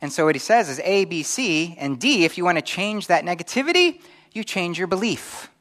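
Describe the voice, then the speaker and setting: A middle-aged male pastor preaching a conversational sermon with animated acted-out asides. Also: high-pitched, fairly quick.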